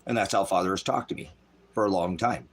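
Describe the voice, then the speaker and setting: A middle-aged man preaching in an angry, profane livestream style, voice swinging loud. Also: sits low, quick pace, slightly rough. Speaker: street preacher.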